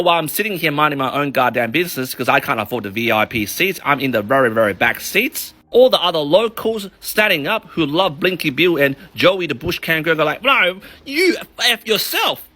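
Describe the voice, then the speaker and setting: A man delivers a loose, comedic rant straight to camera. His voice sits high and bright, and he tells his story with lots of swearing and animated asides. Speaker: mortgage broker and vlogger. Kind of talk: comedic ranting monologue.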